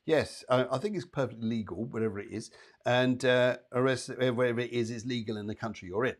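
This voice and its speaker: A male psychic medium hosts a live show, giving readings to viewers. He talks in a chatty, upbeat way and calls people by name. His pitch sits in an ordinary middle range. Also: fast.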